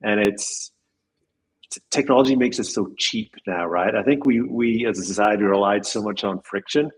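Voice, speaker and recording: Husky-voiced man musing as a guest. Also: fairly low pitch, normal speed, low-quality recording. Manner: thoughtful, rambling with restarts and small laughs. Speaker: guest, tech company CEO. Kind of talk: casual interview conversation.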